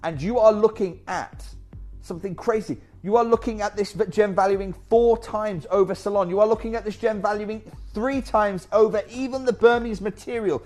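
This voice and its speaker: Brief: energetic male shopping-channel host, slightly high voice, faint music behind. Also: moderate pace. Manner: energetic, chatty, off-script asides. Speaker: TV shopping presenter. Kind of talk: live shopping channel selling.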